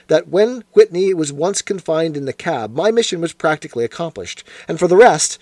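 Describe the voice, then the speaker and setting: A man reading a classic detective story aloud in a measured, expressive storytelling manner. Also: fairly high pitch, no room sound. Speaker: audiobook narrator. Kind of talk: scripted narration.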